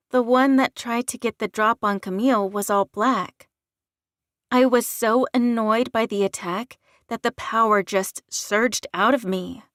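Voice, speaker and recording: A woman narrating an audiobook in a measured, unhurried reading. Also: medium pitch, dry recording, clean studio sound.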